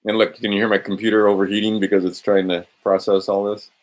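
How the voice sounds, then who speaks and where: Talking fast in a flat delivery, a man with a lowish voice hosts a livestream. He rambles casually and bluntly, cursing at times and speaking to himself as he scrolls through documents.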